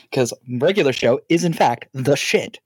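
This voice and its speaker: A man co-hosting a podcast, teasing the others with deadpan jabs in casual chat. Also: fairly high pitch, slightly rough. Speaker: podcast co-host.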